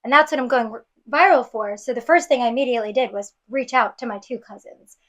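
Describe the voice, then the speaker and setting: A woman's voice: fairly high pitch, fast talker, fairly bright tone, dull audio. A woman from New York City, a podcast guest, earnestly retelling a painful personal story with many restarts. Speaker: guest auditioning as co-host.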